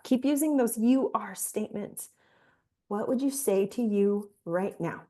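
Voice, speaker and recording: A young adult woman gently guiding a reflection exercise, talking softly and emotionally with slow encouraging words. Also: fairly high pitch. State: emotional, near tears. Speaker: fitness coach leading a guided exercise. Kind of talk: guided reflection exercise on a live call.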